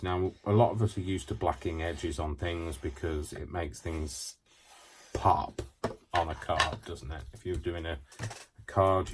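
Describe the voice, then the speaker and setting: A man's voice: low voice, background noise. A man hosting a casual craft demonstration, chatty and rambling, with self-mocking asides. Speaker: craft tutorial host.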